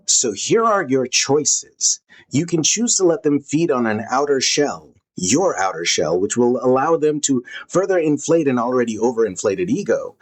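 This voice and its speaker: A man's voice: medium pitch, slightly rough, rough recording. A man giving scripted self-help narration in an earnest, emphatic manner.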